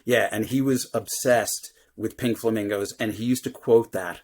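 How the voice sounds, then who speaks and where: A man's voice: lowish voice, fairly even intonation, darkish tone. Easygoing male podcast guest. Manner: easygoing, jokey, quick to agree. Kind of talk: casual chat.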